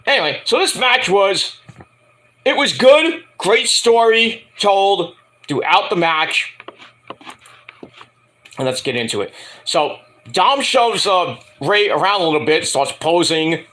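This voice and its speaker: A man giving a casual, profane, animated recap as a wrestling show reviewer. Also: high voice, slow, pauses often.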